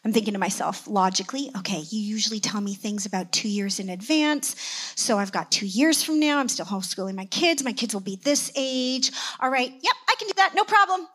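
A middle-aged woman telling a personal testimony in a sermon, acting out the conversations with sudden jumps in pitch. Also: fairly quick, a bit bright, slightly rough. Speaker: church elder and speaker.

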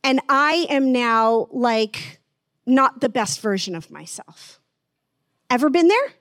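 A woman preaching gently in an online sermon, slowing down to stress words and dropping almost to a whisper. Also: sits high, expressive, dry recording, studio quality. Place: online church service.

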